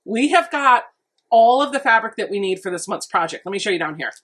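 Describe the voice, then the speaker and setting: A woman's voice: mid-range voice, lively intonation, fairly quick, a bit bright. A woman quilting vlogger giving a chatty, enthusiastic unboxing walkthrough, thinking aloud as she goes. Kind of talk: casual unboxing narration.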